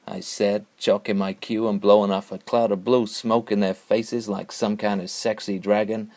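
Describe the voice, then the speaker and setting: Deadpan man, mock noir narration. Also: fairly low pitch, unhurried. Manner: deadpan, noir-style storytelling. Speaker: comedian narrator. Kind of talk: mock hard-boiled comic narration.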